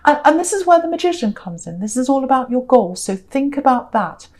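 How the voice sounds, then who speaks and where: A woman's voice: high-pitched, big pitch swings, fairly quick, darkish tone. A woman giving a tarot reading, earnest and direct, repeating herself for emphasis. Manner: gives direct advice. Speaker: tarot reader.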